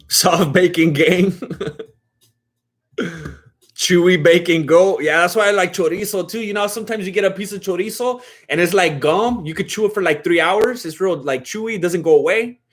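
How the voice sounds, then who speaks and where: A man's voice: high voice, normal speed, pauses often. A man streaming a fight watch-along, casually chatting and answering viewer questions in a laid-back, slangy way with frequent laughter. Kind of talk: casual livestream chat.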